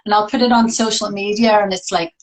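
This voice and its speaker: A woman who teaches art and coaches, hosting a relaxed chat on a video call and laughing often. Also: medium pitch, a little fast, low-quality recording. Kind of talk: casual conversation.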